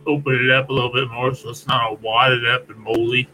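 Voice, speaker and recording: A man on a morning talk show describing his own chores in plain, halting, self-deprecating talk. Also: mid-range voice, little pitch movement, noisy background. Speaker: radio show co-host. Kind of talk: casual chat.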